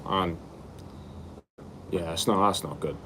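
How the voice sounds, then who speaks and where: A young man from Wales, hosting a casual livestream, reading out viewer comments and answering them in a relaxed way, calling people bro. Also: low-pitched, slow pace, slight background noise. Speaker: livestream host.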